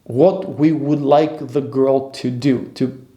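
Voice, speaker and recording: A man's voice: medium pitch, steady tone, takes it slowly, warm tone, echoey room. A man coaching other men on dating in a blunt, emphatic monologue, repeating his points and swearing casually. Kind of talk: instructional monologue.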